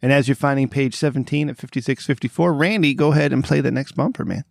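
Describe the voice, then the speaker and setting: A man's voice: mid-range voice, quick pace, creaky, dry recording, clean studio sound. A man hosting a casual podcast, directing the others through the segment while teasing them and laughing often. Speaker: podcast host running the segment.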